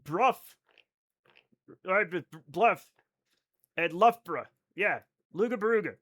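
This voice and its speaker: A man's voice: high voice, animated, takes it slowly, fairly bright tone. A young man streaming a game live, chatting casually and swearing freely as he reads and answers chat. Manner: chatty, profane, reads chat aloud and riffs on it.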